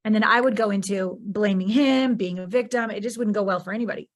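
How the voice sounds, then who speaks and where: Woman host, mid pitch, affirming and frank, conversational interview delivery. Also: fast. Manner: warm, encouraging and outspoken. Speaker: podcast host.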